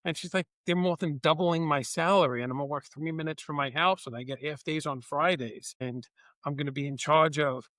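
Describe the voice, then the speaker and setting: A man's voice: fairly high pitch, brisk, no room sound. A man, a business owner, telling workplace stories in a podcast interview and acting out the dialogue in them. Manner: animated, acts out dialogue in his anecdotes. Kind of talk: conversational storytelling.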